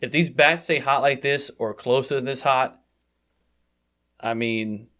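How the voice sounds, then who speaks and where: A man's voice: mid-range voice, a little slow, sharp tone. A man co-hosting a casual sports podcast, blunt and jokey, swearing casually. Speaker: podcast co-host.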